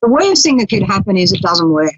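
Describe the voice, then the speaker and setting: A woman's voice: mid-range voice, very animated, brisk, breathy edge, no echo. A woman hosting a psychic talk show, chatting casually, laughing often and acting out quotes. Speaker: psychic radio show host. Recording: dull lo-fi stream audio.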